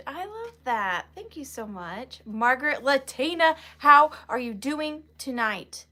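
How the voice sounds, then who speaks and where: Woman, live-sale host, playful and giggly, high voice that swoops around, slow easy delivery. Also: big pitch swings, sharp tone. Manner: playful, greets viewers by name, giggly. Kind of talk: casual live-stream chat. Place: home, evening live stream.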